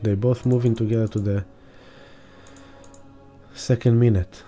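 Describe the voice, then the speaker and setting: A man giving a casual weekly astrology talk in a reflective, halting way, with fillers and restarts. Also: on the low side, steady tone, mellow, faint music behind. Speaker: astrologer and sound healer.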